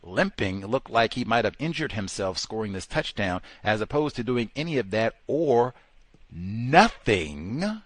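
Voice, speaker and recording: A man's voice: fairly low pitch, very animated, unhurried, no echo, poor audio. Emphatic, sarcastic male radio host. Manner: emphatic and sarcastic, drawing out key words. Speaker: radio talk show host. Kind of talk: impassioned radio commentary.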